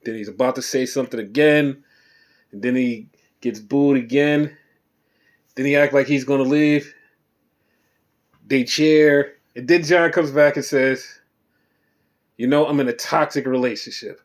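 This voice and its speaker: A man's voice: mid-range voice, a little slow, long pauses. A man hosting a solo wrestling podcast, recapping casually with profanity and acting out quotes. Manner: animated, profane, reenacts quotes. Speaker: podcast host.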